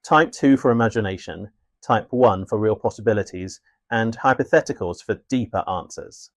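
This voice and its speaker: A man narrating a scripted English lesson in a clear, measured, instructive way. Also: fairly low pitch. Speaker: English teacher.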